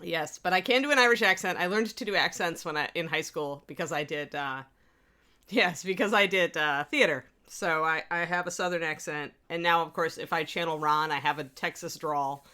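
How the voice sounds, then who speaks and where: Woman host on a hobby stream, low-ish but bright sharp voice, chatty, rambles, laughs a lot. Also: normal speed, clear, resonant tone. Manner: chatty and rambling, often laughing, reads out chat messages. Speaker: livestream host. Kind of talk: casual chat on a hobby livestream.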